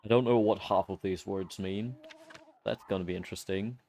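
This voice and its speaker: A man's voice: low voice, fairly even intonation, moderate pace, dark tone, a little hiss or hum. A man streaming a game, chatting casually, easily delighted and cursing now and then. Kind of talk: casual gameplay commentary.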